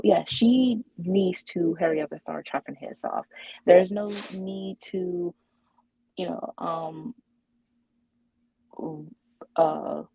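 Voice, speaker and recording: A woman's voice: lowish voice, gravelly, mellow, husky, no room sound, poor audio. A woman co-hosting a podcast in casual chat, hesitant, with many fillers and restarts. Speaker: podcast co-host.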